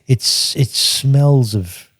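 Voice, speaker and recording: An older man from Australia telling a rambling travel story on a podcast, halting and restarting as he reads from his journal. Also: mid-range voice, a bit bright, slightly rough, no room sound, clean studio sound. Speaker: podcast guest recounting travels. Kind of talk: casual storytelling chat.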